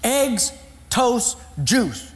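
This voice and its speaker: A man's voice: very high voice, sing-song, drawn-out words, voice pushed up, heavily acted. A man voicing a patient English teacher giving plain, reassuring instructions, in a reverberant hall.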